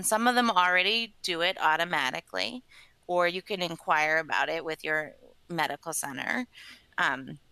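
A woman's voice: lowish voice, pushed and bright, smooth, dry recording, rough recording. A woman who works as a scientist and advocate, explaining earnestly in a podcast interview with frequent ums. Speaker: patient advocate and company scientist.

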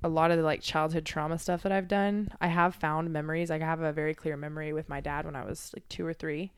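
A woman's voice: low-pitched, little pitch movement, fast talker, smooth. A woman in casual chat as a podcast guest, speaking candidly and reflectively, swearing freely and using lots of filler words.

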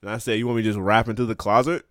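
A man's voice: fairly low pitch, steady tone, rapid-fire, a bit bright, dry recording, studio quality. A young man co-hosting a casual podcast, joking and punning with a friend and laughing often. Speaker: podcast co-host.

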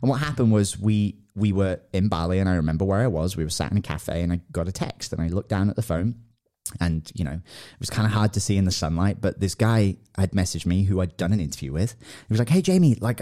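A man in his thirties co-hosting a podcast, telling a story in casual chat and acting out quotes with excitement. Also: quick pace. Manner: animated, acts out quotes in a high excited voice. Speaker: podcast co-host.

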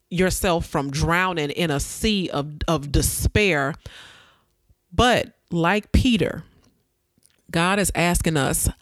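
A woman's voice: low-pitched, no echo. A woman hosting her own podcast, giving an earnest, preacher-like motivational talk that repeats phrases for emphasis. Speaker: podcast host.

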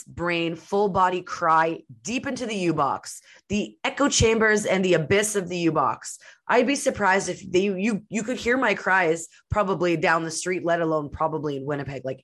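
A woman in her thirties with a low, dark-toned voice hosts her own podcast. She tells a personal story candidly and with feeling, often filling pauses with "like." The delivery is an unscripted monologue. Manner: candid and emotional, many fillers like "like". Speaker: podcast host.

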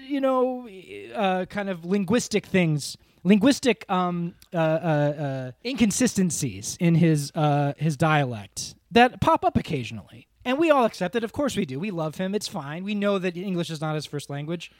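A man's voice: sits high, animated, moderate pace, few pauses, dry recording, clean studio sound. A man co-hosting a podcast with his brother, chatting casually about a film in a rambling, self-interrupting, amused way. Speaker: podcast co-host. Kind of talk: casual movie-review chat.

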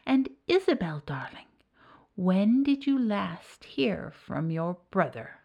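A woman's voice: mid-range voice, sing-song, slow, vocal fry, muffled recording, full character voice. Gloating old witch, ominous, dips into whispers; a woman reads her. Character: old witch Baba Yaga, female, ominous.

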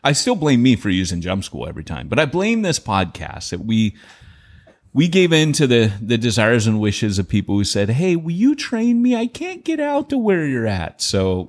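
A man co-hosting a podcast in casual, jokey chat. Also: fairly low pitch. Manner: jokey, slips into goofy put-on voices. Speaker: podcast co-host.

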